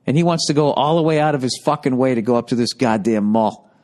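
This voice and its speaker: Profane rambling comedian. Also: male voice, mid-range voice, fast. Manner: profane, animated, acts out quoted voices. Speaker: comedian telling stories. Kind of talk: podcast storytelling, rambling monologue.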